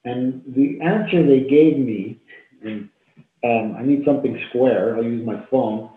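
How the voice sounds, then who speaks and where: A man's voice: mid-range voice, a little slow. Man in his fifties, heartfelt tinny video call. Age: 50s. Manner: heartfelt, repetitive phrasing. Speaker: guest on a spiritual talk show. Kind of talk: earnest personal storytelling in conversation. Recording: tinny phone-like echoey call audio.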